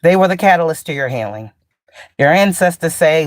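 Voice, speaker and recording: A woman's voice: sits low, lively intonation, brisk, dry recording, studio quality. A woman spiritual teacher in a casual, blunt, profane monologue, laughing often and drawing out sarcastic asides.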